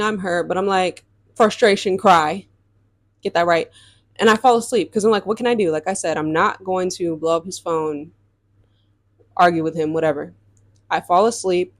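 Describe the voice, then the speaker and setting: A woman's voice: fairly low pitch, no echo. Young woman, chatty storytime vlog, talks straight to viewers, dry close sound. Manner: chatty, addresses viewers as y'all, animated retelling. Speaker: storytime vlogger.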